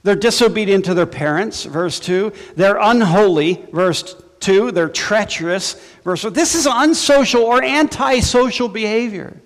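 Male pastor, high voice, chatty sermon delivery, reverberant hall sound. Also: unhurried, few pauses. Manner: conversational preaching with asides and humor.

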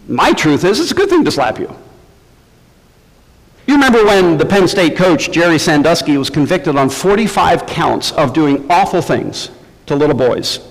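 A man preaching with a high, lively voice that leaps up and down as he presses his points. He speaks with emphasis and keeps asking rhetorical questions. The sound rings with a long hall reverb. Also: moderate pace. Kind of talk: sermon.

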